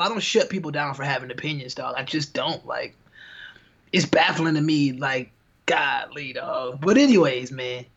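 A man's voice: a little high, a bit bright. Laid-back slangy man, dull lo-fi sound. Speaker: podcast co-host. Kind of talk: casual chat.

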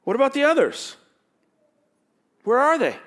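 A man preaching a sermon as pastor, animated and teacherly, asking the congregation rhetorical questions and dropping from loud emphasis to quiet stresses. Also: very high-pitched, unhurried.

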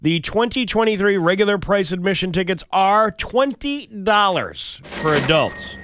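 Bright, lively male radio co-host. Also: high voice, measured pace, no echo, clean studio sound. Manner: jokey and animated, laughs often. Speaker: radio morning show co-host. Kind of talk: casual radio banter and news reading.

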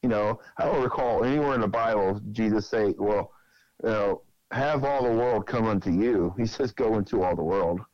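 A man with a low voice speaks on a faith podcast in a plain, wry way and quotes scripture as he goes. His sound is dry and a bit dull. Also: moderate pace, a little mellow, no echo. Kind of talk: casual faith podcast chat.

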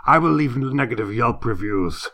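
A man putting on a furious middle-aged churchgoer who berates a church board with theatrical threats, his voice hoarse. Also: medium pitch, animated, normal speed, sharp tone. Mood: wrathful.

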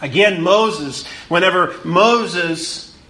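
A man preaching a sermon, emphatic, repeating words for stress and rising, then dropping to hushed tones. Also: high-pitched, extremely slow, roomy sound.

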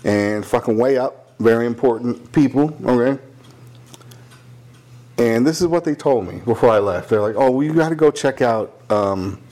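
A young man telling a long story in casual chat, swearing freely and acting out the people in it. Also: mid-range voice. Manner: profane, animated, quotes people in voices. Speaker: podcast co-host telling a story.

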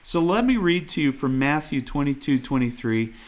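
A man's voice: on the high side, lively intonation, moderate pace. A man delivers a sermon in an earnest, exhorting manner. He reads scripture aloud, comments on it, and presses listeners with direct rhetorical questions. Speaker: preacher.

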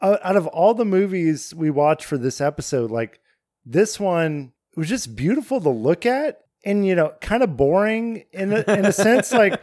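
A man's voice: sits high, lively intonation, normal speed, darkish tone, no room sound, clean studio sound. A man co-hosting a film podcast in casual chat, enthusiastic and swearing freely. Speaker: podcast co-host.

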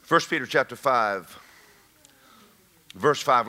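Animated preacher, bright voice. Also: male voice, high voice, moderate pace. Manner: animated, emphatic, calls out to the congregation. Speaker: pastor. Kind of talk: sermon.

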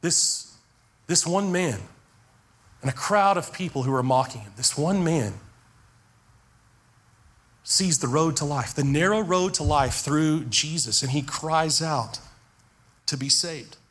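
A man's voice: a little high, slow pace, pauses often, a bit bright. A man preaching a sermon as pastor, earnest, repeating words as he drives points home.

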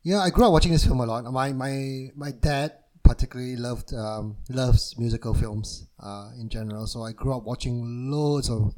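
Brief: male podcast co-host, easygoing, quick to laugh, mid-pitched voice. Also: poor audio. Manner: relaxed, chatty, laughs often. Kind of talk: casual film podcast chat.

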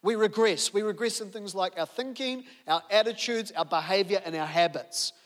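A New man preaches in a high, light voice, telling the story vividly and peppering it with rhetorical questions. His words ring out with the long reverb of a large hall, as in a church auditorium. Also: moderate pace. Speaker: pastor. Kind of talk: sermon.

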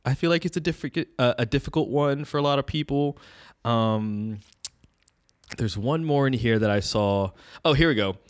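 A man's voice: mid-range voice, normal speed, clear, resonant tone, no room sound. Rambling casual young man, dry sound. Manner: rambling, loose and profane, searches for words. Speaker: podcast co-host. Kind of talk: casual chat.

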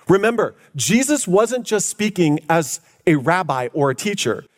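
A man preaching a sermon as pastor, emphatic, stretching key words out for effect. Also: very animated. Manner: emphatic, drawn-out preaching with big pitch swings.

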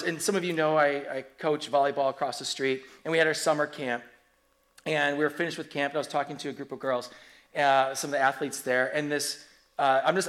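A man in his forties preaching a sermon, telling stories in an animated, humorous way. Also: on the high side. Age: 40s. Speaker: pastor.

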